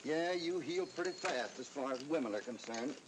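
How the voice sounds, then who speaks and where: An actor playing a steady, easygoing cowboy hero with a wry edge in a 1940s Western film. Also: male voice, mid-range voice, moderate pace, background noise, lightly acted. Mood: calm.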